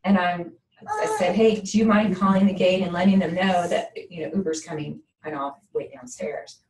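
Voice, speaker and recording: Candid and emotional, a female podcast host shares a personal story on her talk show, repeatedly asking "right?" She speaks at normal speed in a fairly low, expressive, slightly mellow voice, and the distant mic picks up an echoey room and faint noise.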